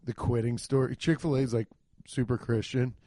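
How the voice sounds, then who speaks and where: A man's voice: medium pitch, brisk, no echo, clean studio sound. A man hosting a podcast, telling comic stories in a profane way and acting out quotes in goofy voices. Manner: animated, profane, acts out quotes in silly voices. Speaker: podcast host. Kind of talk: comedic storytelling.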